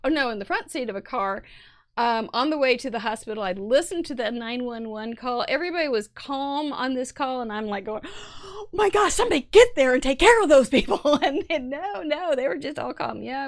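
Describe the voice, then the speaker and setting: A woman's voice: fairly high pitch, a bit bright. A middle-aged woman with a Midwestern American accent hosting a live crafting show, chattily reviewing viewer cards with puns and restarts. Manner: chatty and punny, rambling with restarts.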